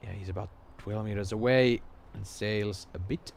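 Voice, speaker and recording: A man doing live play-by-play commentary for a sports broadcast, calm and measured with sudden excited rises. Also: fairly low pitch, gravelly, a little hiss or hum.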